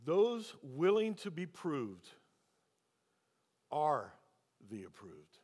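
A pastor delivers a sermon in a slightly high, darkish voice, speaking extremely slowly with wide swings in pitch. He shares a personal story, then presses his congregation with rhetorical questions. The recording carries a long hall reverb.

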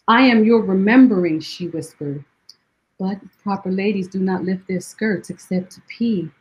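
A woman with a fairly high voice. She speaks as a poet in an interview, telling stories through rhetorical questions, and recites her verse slowly and deliberately. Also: low-quality recording. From Jamaica. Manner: rhetorical questions, animated storytelling; slow, deliberate poetry recitation. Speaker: poet guest. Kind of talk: conversational interview and poetry reading.

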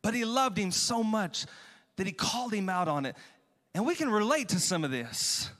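A man's voice: high-pitched, lively intonation, moderate pace, fairly bright tone. A male pastor preaching a sermon, retelling a Bible story dramatically and acting out the quotes.

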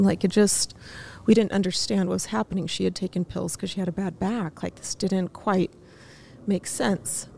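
Woman, thirties, gravelly, mellow, halting, many fillers, studio guest. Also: medium pitch. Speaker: podcast guest. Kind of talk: emotional personal storytelling.

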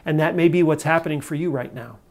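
A man preaching a sermon as a pastor, earnest and measured, slowing down for emphatic scripture quotes. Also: a little high.

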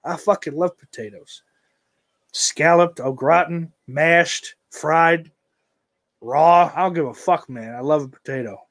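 A man's voice: on the high side, unhurried, fairly bright tone. A man chatting casually on a stream, rambling and swearing, often trailing off into mumbles. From United States.

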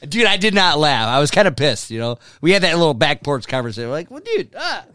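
A man hosting a podcast in a studio, chatting casually, swearing often, laughing and telling animated stories. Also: on the high side, fast, a little hiss or hum. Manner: profane, laughing, animated storytelling. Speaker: podcast host. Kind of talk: casual chat.

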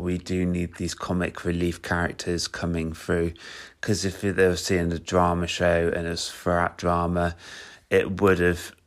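A young man with a British accent and a very deep, low voice talks through his review at an unhurried pace. He stumbles often, filling gaps with "um" and restarting his sentences, but stays eager about the show. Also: fairly bright tone. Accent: British English. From Britain. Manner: hesitant, many fillers and restarts, enthusiastic. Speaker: musical reviewer. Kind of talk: casual spoken review.

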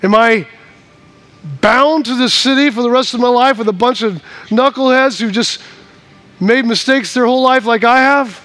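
A man preaching a sermon in church, swinging from hushed, slow lines to loud, acted-out shouts. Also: very high-pitched. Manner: acts out scenes in the voices of people in the story. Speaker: pastor.

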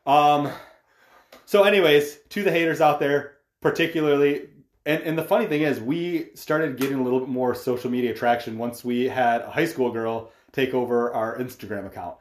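A man's voice: medium pitch, normal speed. A man with a mid-range voice chats casually on a podcast. He rambles a bit with filler words and laughs easily. The sound carries a roomy echo. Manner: conversational, laughs often, uses "like" a lot. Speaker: podcast co-host. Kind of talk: casual chat.

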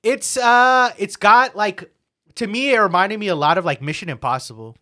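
A man's voice: sits high, normal speed, pushed and bright. A young man hosting a podcast, chatting casually, rambling with lots of filler words and swearing. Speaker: podcast host. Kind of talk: casual chat.

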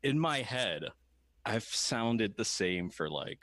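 A man co-hosting a podcast in casual chat, laid-back and quick to laugh. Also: lowish voice, very animated, a bit bright, no echo. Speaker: podcast co-host.

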